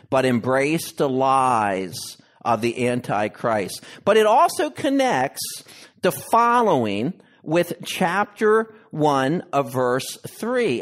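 A male pastor reading scripture and preaching an expository sermon, with emphatic pauses and a deliberate delivery. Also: a little high.

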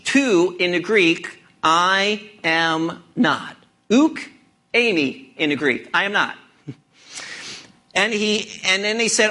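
A male pastor delivers a sermon in a high voice. His tone is bright and forceful, and he drives his points home with earnest rhetorical questions. He often pauses for effect.

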